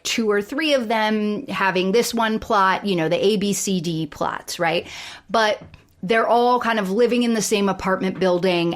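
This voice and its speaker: A woman co-hosting a podcast in casual chat about sitcoms, animated and acting out quoted lines. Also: mid-range voice. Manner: animated, acts out quoted lines in big voices. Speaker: podcast co-host.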